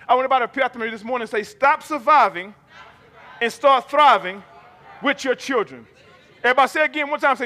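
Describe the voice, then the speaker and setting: A male pastor with a very high, bright, forceful voice delivers an emphatic sermon, having the congregation repeat his lines back to him. His words ring out with a long reverb through a large church sanctuary. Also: quick pace. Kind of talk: sermon with call and response.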